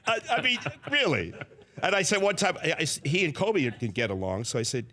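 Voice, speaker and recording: A man's voice: on the high side, normal speed, a little hiss or hum. A man, a veteran sports interviewer, telling chatty anecdotes as a guest and acting out the quotes. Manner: animated, chatty, acts out quotes. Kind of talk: anecdotal storytelling.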